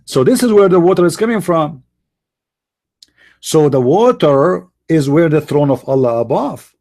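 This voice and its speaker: Hosting a live debate show, a man mocks and sarcastically mimics voices, his English phrasing slightly non-native. His voice is on the high side and mellow, though somewhat hoarse, and he coughs now and then.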